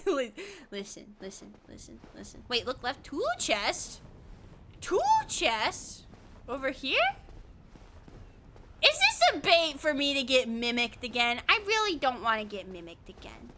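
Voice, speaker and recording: Bubbly high-voiced woman streamer. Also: very animated, normal speed, sharp tone, slight background noise. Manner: giggly, chatty, swears playfully. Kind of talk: casual gaming commentary.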